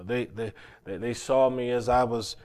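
Preacher guy telling stories, mid pitch, stutters on repeats, gets loud and fired up. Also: moderate pace. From North Carolina, USA. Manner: animated, repeats words, climbs louder into outrage. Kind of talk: sermon storytelling.

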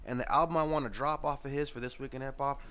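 A man's voice: mid-range voice, fairly even intonation, fast talker, sharp tone. A man co-hosting a casual podcast who reads from notes, stumbles over figures and corrects himself. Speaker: co-host. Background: hip-hop music playing.

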